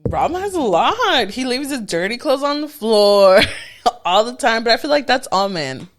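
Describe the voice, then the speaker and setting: A woman's voice: fairly high pitch, a little slow. Young woman podcast cohost, laughs a lot, tells stories in quotes, tosses in spanish words. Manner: animated storytelling with laughs and acted-out quotes. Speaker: podcast co-host. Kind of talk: casual chat.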